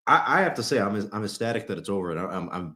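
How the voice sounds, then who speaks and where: Man, low voice, podcast co-host, rambling, restarts, echoey room. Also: very animated, very fast, bright, forceful tone. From Texas. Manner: rambling, many restarts and fillers. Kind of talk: casual podcast chat.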